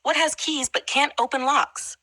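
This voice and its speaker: A woman voicing a decaying male frog monster who keeps riddles, in an audiobook, speaking in slow, looming lines. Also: sits high, fairly even intonation, pushed and bright, dry recording, voice pushed up. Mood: menacing. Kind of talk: audiobook character reading.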